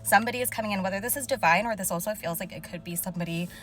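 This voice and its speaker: A woman's voice: mid-range voice, fairly bright tone, soft background music. Emotional young woman channeling a message. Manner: emotional, halting, many fillers. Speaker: spiritual channeler. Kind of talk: casual channeled message to viewers. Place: car.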